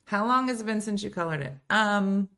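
Animated woman hosting a chatty morning stream. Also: mid-range voice, fairly quick. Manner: animated, swings from quiet asides to loud exclaiming. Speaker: morning show host. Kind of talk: casual live-stream chat.

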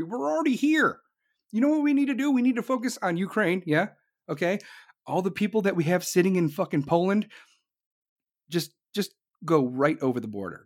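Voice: mid-range voice, expressive, a little fast. A commentator delivering an angry, blunt political rant full of swearing.

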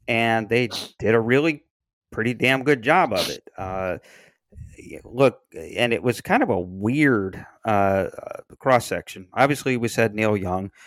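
A man's voice: medium pitch, dry recording. A man co-hosting a podcast, chatting casually about music history with wry, sardonic, profane asides. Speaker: podcast co-host.

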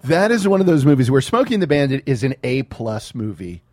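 Dude podcasting, swears a lot, does goofy voices, super expressive. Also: male voice, mid-range voice, brisk, no echo, clean studio sound. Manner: animated, swears freely, mimics voices. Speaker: podcast co-host. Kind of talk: casual profane chat.

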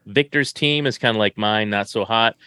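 Male co-host, casual rambling delivery, lowish voice, dry close sound. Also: normal speed, pushed and bright, clean tone, no echo. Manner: rambling, self-correcting, upbeat. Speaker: fantasy football podcast co-host. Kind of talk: casual chat.

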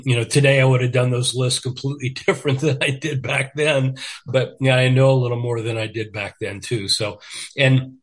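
An older man, a radio programmer, telling stories in casual chat with plenty of fillers and restarts. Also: medium pitch. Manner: rambling, many fillers and restarts, laughs while telling stories. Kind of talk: casual storytelling conversation.

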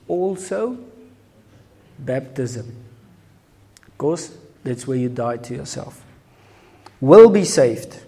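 A man preaching a sermon, emphatic and energetic, switching between two languages. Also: mid-range voice.

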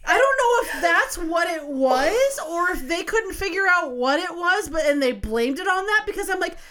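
A woman's voice: very high-pitched, expressive, moderate pace, heavy background noise. A woman in her thirties, a podcast co-host chatting casually, telling a long story with plenty of swearing and acting out what she said.

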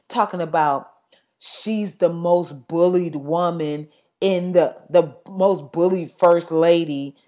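A woman ranting in blunt, sassy, profanity-filled casual talk, with sudden loud outbursts. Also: lowish voice, slow pace.

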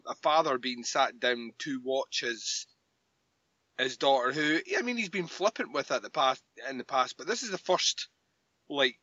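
A man co-hosting a podcast in casual chat, swearing freely, quick with jokes and then earnest about the show. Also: mid-range voice, sharp tone, no room sound. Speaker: podcast co-host. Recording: dull lo-fi dry mic.

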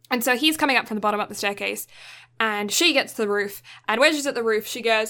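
A woman's voice: on the high side, quick pace, bright, forceful tone. A young woman co-hosting a podcast, retelling a film's plot in a chatty, casual way with lots of fillers. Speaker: podcast co-host. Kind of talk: casual film recap.

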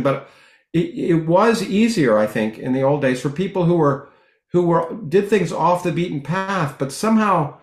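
A middle-aged man, a physicist guest in an interview, talking in long rambling stretches full of restarts and lively anecdotes. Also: on the high side, reverberant. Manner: rambling with many restarts, animated when telling jokes. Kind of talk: conversational interview, anecdotal storytelling.

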